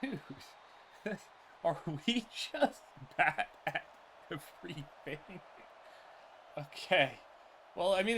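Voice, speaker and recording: An excitable gaming host calls football plays live as they unfold, swinging from flat muttering to high, disbelieving laughter. The pitch moves a lot, and there is a faint hum of noise under the voice. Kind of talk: live play-by-play commentary on a football video game.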